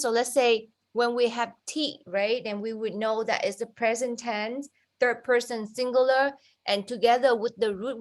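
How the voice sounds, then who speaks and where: Female student, inquisitive, challenges the teacher, somewhat high voice. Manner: probing, argues her point at length. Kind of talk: questioning in a class discussion.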